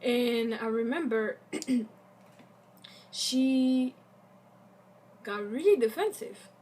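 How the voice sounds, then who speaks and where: A young woman vlogger telling a casual storytime, animated and acting out the quotes of the people in it. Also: a little high, drawn-out words.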